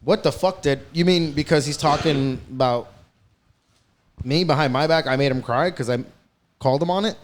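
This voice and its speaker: A man's voice: a little high, moderate pace, pauses often, slight background noise. A man telling a story in casual podcast chat, heated and profane, speeding up in bursts. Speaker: podcast host.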